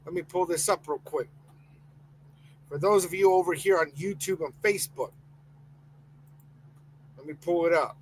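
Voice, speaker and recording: A man's voice: on the high side, normal speed, long pauses, slight background noise, poor audio. A man hosting a live sports podcast, ranting heatedly and reading chat comments aloud. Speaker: podcast host.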